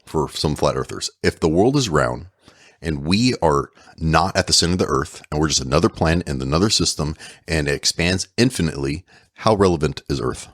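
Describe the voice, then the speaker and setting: A man's voice: extremely low pitch, lively intonation, fairly quick, fairly bright tone, no echo, studio quality. A man co-hosting a casual podcast, explaining with playful jokes and sound effects. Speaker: podcast co-host.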